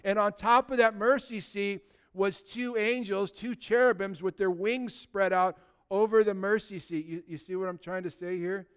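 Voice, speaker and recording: A man preaching a sermon as pastor, animated and conversational, with lots of rhetorical questions, swinging from loud emphasis to hushed tones. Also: high voice, normal speed, smooth.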